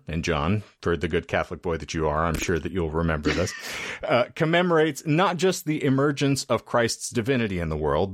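A man hosting a podcast, reading out research in a wry, mock-formal way and breaking into laughs, with a casual chat feel. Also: lowish voice. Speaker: podcast host presenting research.

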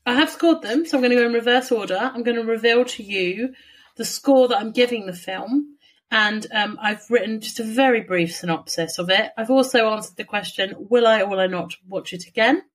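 A woman with a slightly husky voice banters through a casual podcast chat. She is sarcastic and teasing and swears freely. Her delivery stays loose and conversational. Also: fairly high pitch, a little fast, poor audio. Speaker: podcast co-host.

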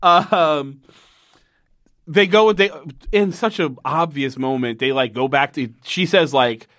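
A man's voice: on the high side, slow, a bit bright, no echo, studio quality. A man casually recapping a TV episode with a co-host, swearing often and mocking the characters.

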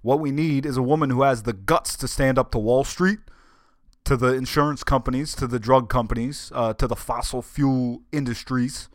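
A man doing an impression of a gruff older male politician, ranting in loud, fast, hammering speech. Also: mid-range voice, steady tone, dry recording, clean studio sound, natural voice. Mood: indignant.

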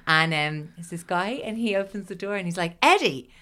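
A woman's voice: lowish voice, fairly quick, sharp tone, clear, resonant tone. A woman hosting a podcast, telling a story in casual chat, full of fillers, swearing and laughter.

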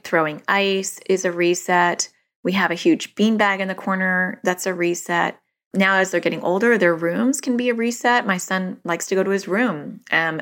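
A woman's voice: mid-range voice, fairly bright tone. A woman in her thirties talking casually into a microphone as a podcast host, chatty and self-deprecating. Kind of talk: casual solo talk. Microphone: studio microphone.

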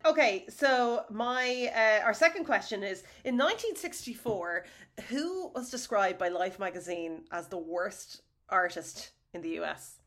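A woman's voice: mid-range voice, unhurried, a bit bright. A woman co-hosting a podcast and running a quiz in a teasing, giggly way. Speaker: podcast co-host. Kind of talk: casual chat, quiz host.

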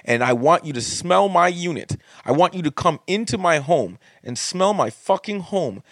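A man's voice: mid-range voice, lively intonation, normal speed, dry recording, studio quality. A man, a comedian hosting his own podcast, telling a story as a profane, heated rant whose voice climbs when he gets worked up. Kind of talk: profane ranting monologue.

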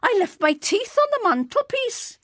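A woman's voice: extremely high pitch, sing-song, moderate pace, fairly bright tone, no echo, studio quality, voice pushed up, full character voice. A woman voicing a grumpy, toothless old grandfather who speaks in a sour, complaining way. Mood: alarmed.

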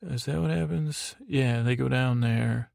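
A man's voice: medium pitch, unhurried, creaky, darkish tone, no echo, studio quality. A man hosting a bedtime podcast, rambling through a meandering recap full of fillers and digressions. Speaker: podcast host.

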